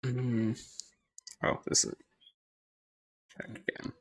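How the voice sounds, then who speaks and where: Male gamer, unhurried, loose and rambling commentary with plenty of laughs and swearing, dry close sound. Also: mid-range voice, little pitch movement, breathy edge, no echo. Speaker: gaming streamer. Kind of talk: casual gameplay commentary.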